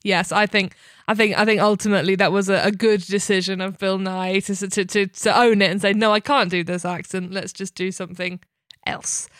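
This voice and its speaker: A woman's voice: medium pitch, level tone, a little fast, fairly bright tone, no echo, clean studio sound. A woman chatting casually with her brother, telling stories animatedly and slipping into mimicked voices, with the odd swear. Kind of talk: casual chat.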